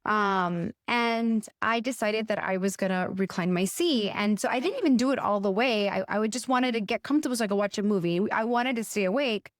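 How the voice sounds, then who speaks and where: Animated middle-aged woman telling a story. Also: medium pitch, fairly quick, hardly any pauses, no room sound, clean studio sound. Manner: animated, hesitant retelling with many restarts. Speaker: podcast co-host. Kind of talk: casual anecdotal storytelling.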